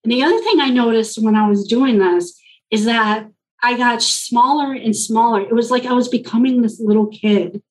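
A woman from Colombia, a guest in an interview, earnestly and reflectively telling a personal story and quoting others in lively reported speech. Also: fairly high pitch, moderate pace, rough recording.

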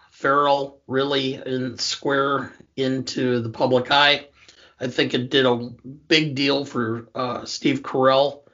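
A man co-hosting a film podcast, talking through his rating in a halting way with fillers. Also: medium pitch, pushed and bright. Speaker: podcast co-host. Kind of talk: casual film review chat. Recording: slightly dull lo-fi podcast audio.

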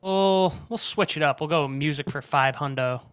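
A man's voice: a little high, moderate pace, a bit bright, smooth. A man co-hosting a podcast, playing a trivia game with cocky, joking banter and swearing. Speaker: podcast co-host, trivia contestant. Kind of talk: casual banter.

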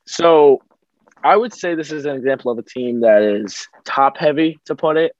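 A man co-hosting a casual sports podcast from a small home room, upbeat and joking with quick asides. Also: on the high side, dull audio. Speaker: podcast co-host.

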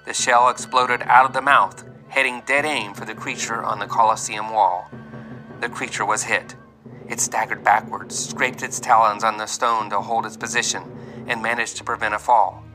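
A man's voice: fairly low pitch, fairly even intonation, moderate pace, rough recording. A man narrating a dramatic adventure story aloud, with vivid delivery and voiced characters. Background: faint music.

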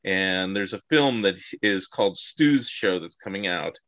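A man with a bright, forceful voice, recorded dry and close with no room sound. He asks his questions in a rambling, hesitant way as the host of a casual interview. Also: low voice, expressive, unhurried, no echo.

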